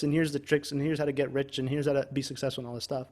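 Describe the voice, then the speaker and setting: A man's voice: medium pitch, flat delivery, rapid-fire, a little mellow. A man co-hosting a casual self-improvement podcast, talking in a rambling, emphatic way and swearing freely. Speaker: podcast co-host.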